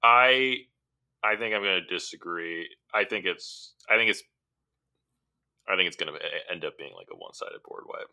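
Young dude w a low but really sharp bright voice, lots of um and like. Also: male voice, normal speed, creaky, clean tone. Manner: hesitant, stacks fillers and repeats himself. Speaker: card game podcast co-host. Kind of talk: casual card review chat.

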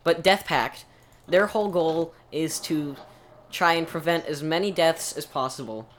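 Guy rambling thru a long explainer on a podcast, lots of ums and restarts, mid pitch, a little background hiss. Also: fairly bright tone. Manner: rambling, halting, many restarts and fillers. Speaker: podcast co-host. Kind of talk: casual chat.

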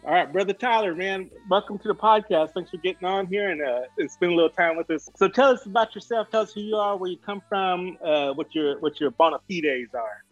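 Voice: mid-range voice, brisk, hardly any pauses, dry recording, lo-fi sound, faint music behind. A podcast host with a Southern US accent, opening the show in loose, joking slang. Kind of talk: casual podcast chat.

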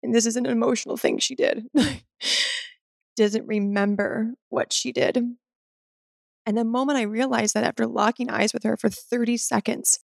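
A woman shares a personal spiritual story as a podcast guest, earnest and peppered with "like". Her voice carries a gravelly, creaky edge, and the sound is dry with no room around it. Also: fairly high pitch, steady tone, normal speed, dry recording. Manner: earnest, spiritual, filler-heavy with frequent "like".

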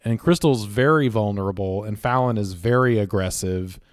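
Thoughtful man, lowish voice, dry. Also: normal speed, dry recording. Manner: thoughtful, lots of fillers, analytical about costumes. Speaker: podcast co-host. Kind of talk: casual podcast discussion.

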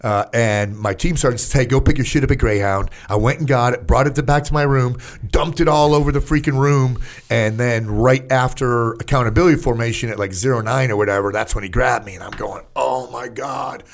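Here the older veteran talks a bit fast in a mid-range voice. In a casual interview he tells animated, foul-mouthed stories crowded with fillers.

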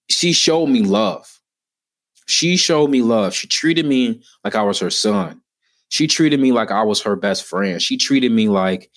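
A man in his thirties, a podcast guest sharing heartfelt personal stories in an earnest, emphatic way that rises with feeling. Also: fairly low pitch.

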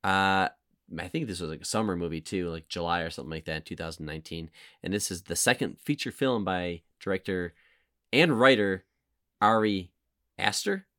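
Podcast host guy, lowish voice, dry close sound, kinda rambles and restarts a lot. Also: fairly quick, sharp tone, dry recording. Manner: rambling, hesitant, with frequent restarts. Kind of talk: casual podcast chat.

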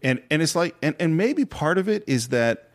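Casting: middle-aged male podcast host, lively, expressive delivery. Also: fairly high pitch, moderate pace, dry recording. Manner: animated storyteller, recounts scenes and quotes lines. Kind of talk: casual film discussion.

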